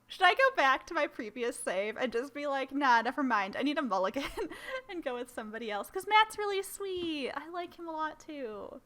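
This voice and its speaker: A woman's voice: high-pitched, normal speed, hardly any pauses. A woman playing a dating game, reading the lines aloud and reacting with laughter. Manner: animated, laughing often, switching between reading and reacting. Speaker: gamer playing a dating sim. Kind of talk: let's play commentary and reading aloud.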